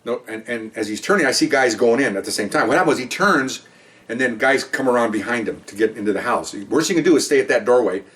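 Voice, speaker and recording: Rambling fast-talking veteran cop storyteller. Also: male voice, mid-range voice. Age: older. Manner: rambling, animated retelling with acted-out quotes. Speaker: retired police officer telling a story. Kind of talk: casual storytelling. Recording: voice a bit far from the mic.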